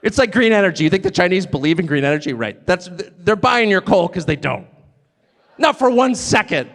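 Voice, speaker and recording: A man giving an animated, sarcastic, off-the-cuff speech to a live audience. He digresses and laughs at his own jokes. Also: high-pitched, brisk. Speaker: speaker addressing a live audience abroad. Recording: long reverb of a large hall.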